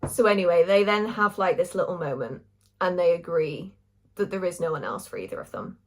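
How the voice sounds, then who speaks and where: A woman's voice: mid-range voice, a bit bright. A young woman reviewing a book in casual, gushing chat, swearing freely.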